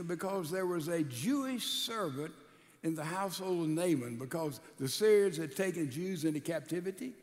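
A man preaching a sermon, retelling a scripture story in a folksy way and acting out the characters' words. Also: sits high. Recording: long hall reverb.

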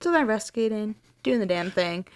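A woman's voice: mid-range voice, expressive, a little fast. A woman podcast host casually retelling a story, acting out the dialogue with casual swearing.

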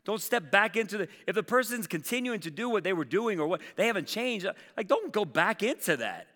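A man's voice: sits high, very animated, fairly quick, sharp tone, in a large hall. A man preaching as a pastor in a conversational sermon, acting out objections and story lines.

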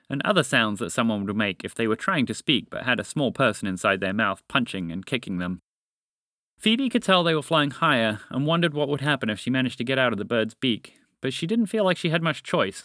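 Man, storyteller, children's story reading, lively intonation, dry close recording. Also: medium pitch, no room sound. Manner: animated, addresses the listener directly.

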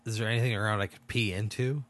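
A man's voice: fairly low pitch, fairly even intonation, fast talker, a bit bright. A man on a podcast who answers a hypothetical bluntly, cursing freely and joking. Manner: blunt, profane, jokey replies. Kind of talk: casual podcast chat.

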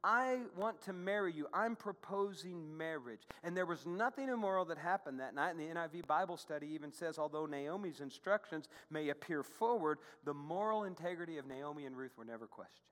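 A male pastor preaching a sermon in a lively, conversational way, with frequent asides to the congregation. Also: a little high, fast talker, hardly any pauses, long reverb tail. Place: church sanctuary.

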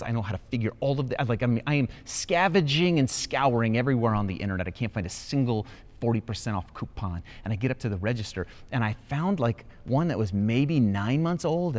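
A man preaching a sermon as pastor, telling stories with rising excitement. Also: lowish voice. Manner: animated storytelling with rising excitement. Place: church auditorium.

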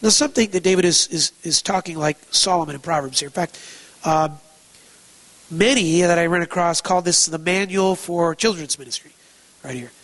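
A man's voice: on the high side, normal speed, a bit bright, poor audio. A man preaching a sermon, emphatic, asking rhetorical questions and repeating key phrases. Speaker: pastor.

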